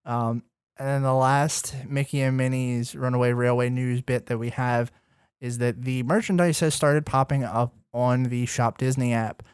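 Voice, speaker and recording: A man's voice: mid-range voice, flat delivery, normal speed, a little mellow, clean tone, dry recording, studio quality. A man co-hosting a podcast, running through the news in an easygoing, casual way with plenty of ums and likes. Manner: easygoing, filler-heavy news rundown. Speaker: podcast co-host. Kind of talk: casual chat.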